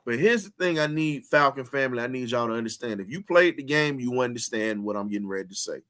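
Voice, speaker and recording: A man's voice: medium pitch, lively intonation, fast, fairly bright tone. A man hosting a heated sports talk show, speaking with an emphatic, preaching cadence and repeating phrases to drive points home.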